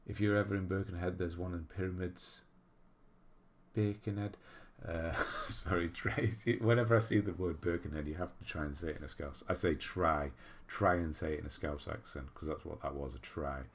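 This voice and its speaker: Low-voiced man chatting on a livestream. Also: steady tone, brisk, hardly any pauses. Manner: chatty, reads viewer messages aloud, laughs at himself. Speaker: livestream host reading chat. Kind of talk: casual livestream chat.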